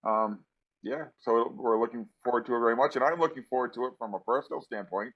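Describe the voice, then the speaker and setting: A man's voice: mid-range voice, fast talker. Matter-of-fact man on a dull mic. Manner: matter-of-fact, reports news plainly. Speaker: podcast co-host and arena announcer. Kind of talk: casual chat.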